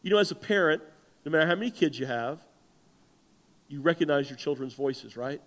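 A pastor delivering a lively sermon, his voice sitting high for a man. The words ring out with a long reverb, as from a large church hall. He preaches in an animated, conversational way. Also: fairly quick.

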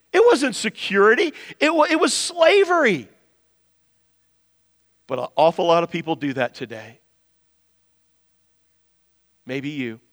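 A man's voice: sits high, a bit bright. A man preaching a sermon as a pastor, building to emphatic, impassioned points. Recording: long hall reverb.

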